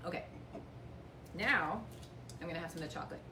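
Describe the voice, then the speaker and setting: A woman's voice: fairly low pitch, brisk, noisy background. A woman hosting a casual wine-and-chocolate tasting lesson in a winery tasting room, chatty and upbeat with light self-mocking humor. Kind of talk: casual instructional demonstration. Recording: echoey room, voice picked up from a distance.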